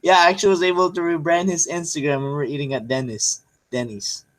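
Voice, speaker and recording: A man's voice: fairly high pitch, little pitch movement, quick pace. A man co-hosting a casual chat, rambling with lots of fillers and joking around. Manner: rambling, filler-heavy, playful. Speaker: podcast co-host.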